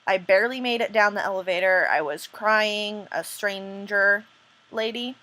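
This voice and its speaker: A woman's voice: mid-range voice, normal speed, sharp tone, rough recording. A woman vlogger telling a personal story in a casual, rambling way, full of restarts and "um"s, earnest and indignant. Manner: rambling, self-interrupting retelling with frequent "um".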